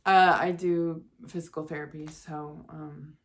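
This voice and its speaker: Speaking a little slowly in a low voice with little pitch movement, a woman who seems to be in her forties opens up emotionally to camera in her casual vlog. She's candid with viewers and occasionally laughs at herself.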